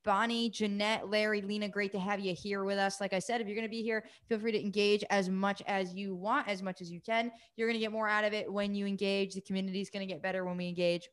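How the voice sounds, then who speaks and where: Woman coach on a livestream, excited and fast, keeps rushing. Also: mid-range voice, clear, resonant tone. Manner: fast, excited, energetic delivery. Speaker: recovery coach and co-host. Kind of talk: live-streamed coaching session.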